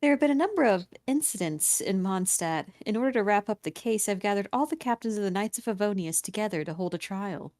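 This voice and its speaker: A woman voicing a composed female knight commander, reading the game lines in a formal, measured way. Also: medium pitch, lively intonation, a little mellow, no room sound, studio quality, close to an everyday voice. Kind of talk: reading game dialogue aloud.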